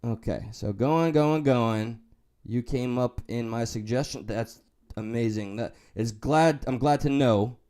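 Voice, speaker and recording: A man's voice: medium pitch, unhurried, warm tone. A man with a New York accent hosting a livestream, reading chat and talking candidly, swearing and joking as he rambles.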